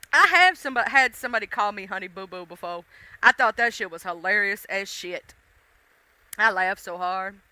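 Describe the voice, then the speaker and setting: Bright, chatty woman livestreaming. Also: medium pitch, lively intonation, moderate pace, clear, resonant tone, no room sound. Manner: chatty, playful, full of fillers and laughs. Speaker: livestream host. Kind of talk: casual chat with viewers.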